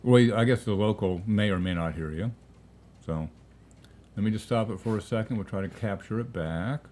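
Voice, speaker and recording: A man with a low voice co-hosts a live painting stream, talking to viewers in a relaxed way. His tone is dark and mellow, and a faint hiss sits under the recording. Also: normal speed. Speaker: co-host reading viewer questions. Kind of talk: casual live-stream chat.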